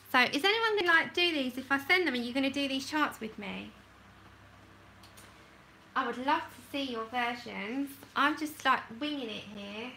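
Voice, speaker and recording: Chatty woman with gravelly voice. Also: on the high side, sharp tone, a little hiss or hum, rough recording. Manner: chatty, self-laughing, talks to herself while working. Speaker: livestream host swatching colour pencils. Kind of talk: casual livestream chat.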